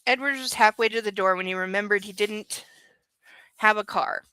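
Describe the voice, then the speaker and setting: Young woman reading a novel aloud, chatty asides; bright, smooth tone, dry close sound. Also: medium pitch, moderate pace, no room sound, poor audio. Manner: casual, chatty asides between passages. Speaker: book club reader.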